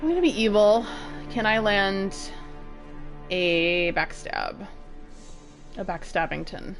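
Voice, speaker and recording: A woman's voice: mid-range voice, animated, takes it slowly, soft background music. A woman in her thirties chatting casually while streaming a game, giggly and playfully swearing. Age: 30s. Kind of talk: casual gameplay commentary.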